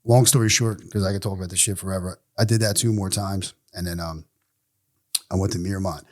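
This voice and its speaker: A man's voice: sits low, a little fast. A man in his forties, a podcast guest, tells his recovery story candidly and bluntly, swearing freely and acting out what other people said. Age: 40s. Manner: blunt, profane, animated storyteller; acts out other people's lines in quoted voices.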